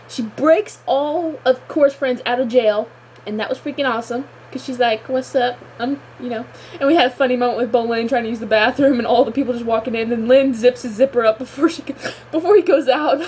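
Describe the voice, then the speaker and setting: A woman's voice: on the high side, a little fast, a little mellow, slight background noise, low-quality recording. A woman reviewing a show episode in a gushing, exclamatory chat full of filler words. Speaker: fan reviewer.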